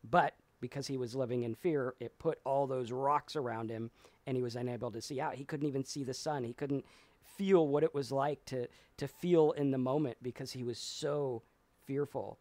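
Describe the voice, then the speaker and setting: A man's voice: mid-range voice, fairly even intonation, moderate pace, darkish tone, dry recording. A man co-hosting a casual live talk, reading viewer comments and telling stories at length. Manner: rambling storyteller, acts out voices. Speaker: podcast co-host.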